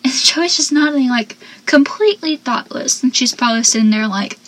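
A young woman with a high voice recaps a TV episode in a loose, chatty way. She laughs often and breaks off into animated asides. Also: normal speed, low-quality recording. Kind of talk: casual recap commentary.

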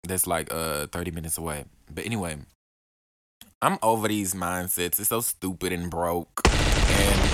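Young man, podcast host; lowish voice, slow drawl, swinging pitch, heated profane rants, dry close sound. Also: lively intonation, fairly bright tone, no echo. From Alabama. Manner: profane, heated, mocking insults. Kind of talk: casual ranting monologue.

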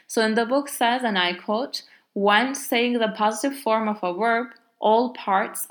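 A woman's voice: medium pitch, a bit bright. A woman with a Turkish accent, a native Turkish speaker, explaining grammar in a casual language lesson with many fillers and exaggerated example words. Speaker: language teacher.

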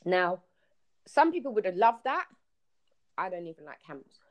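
Animated woman telling travel stories. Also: on the low side, moderate pace, lo-fi sound. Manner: animated storyteller, acts out quotes. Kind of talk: casual podcast chat.

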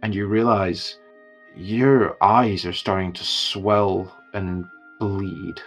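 Husky game master. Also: male voice, sits low, fairly even intonation, slow pace, faint music behind. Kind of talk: narrating a tabletop game.

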